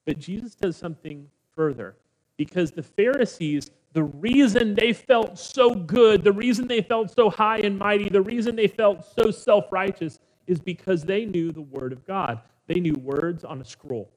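A preaching man in an echoing hall. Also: moderate pace. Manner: dynamic preaching, voicing Jesus in a low hushed tone, rousing the congregation. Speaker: pastor. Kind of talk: sermon. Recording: long hall reverb.

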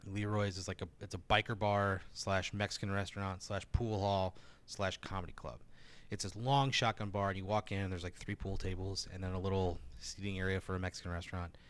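A man's voice: sits low, brisk. A man telling a rambling stand-up story in casual chat, full of fillers and swearing. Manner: animated, lots of fillers, swears. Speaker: stand-up comedian.

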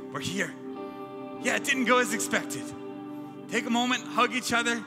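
A pastor with a notably high voice preaches with emphatic, rhythmic repetition, stacking phrase after phrase. His words ring out with a long echo through a large hall. Music plays clearly underneath. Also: normal speed, long pauses. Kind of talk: sermon. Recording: reverberant hall with background music.

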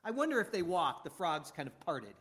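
A man, a pastor, preaching a conversational sermon full of rhetorical questions, swinging between loud and hushed. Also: fairly high pitch, big pitch swings, brisk, breathy edge.

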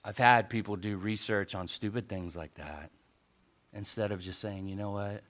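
A man preaching a sermon as pastor, telling a story lively and acting out his own grumbling thoughts. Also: on the low side, normal speed.

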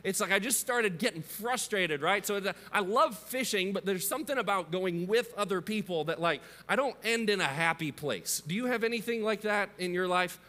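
A man in his thirties gives a sermon in a conversational, storytelling way, turning to his listeners with frequent questions. His voice sits a little high for a man. The sound carries a long hall reverb. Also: animated, moderate pace, few pauses, pushed and bright. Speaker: pastor.

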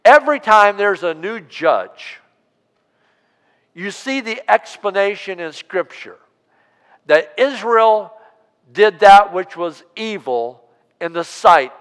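In a church sanctuary with big-room acoustics, a pastor delivers a sermon in a high-pitched, slightly bright, clear, and resonant voice. Calling for the congregation to respond aloud, he preaches in call-and-response style and draws out key words.

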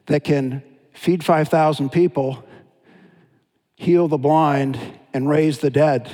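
Pastor guy preaching, acts out the stories, voice echoing around a big church. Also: fairly high pitch. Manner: storytelling, animated with dramatic retellings. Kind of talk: sermon. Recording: long hall reverb.

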